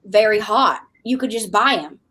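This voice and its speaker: A woman's voice: medium pitch, moderate pace, breathy edge. A woman with a Southern US accent, a romance author chatting animatedly on a podcast. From American South. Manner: animated, chatty, laughs often. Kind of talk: casual chat.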